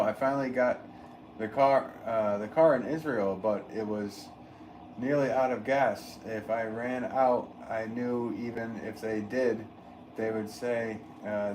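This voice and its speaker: A man's voice: lowish voice, low-quality recording. A middle-aged man chatting casually during a pottery livestream, rambling and reading out viewer comments with many fillers and restarts. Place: pottery studio. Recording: steady noise in the background.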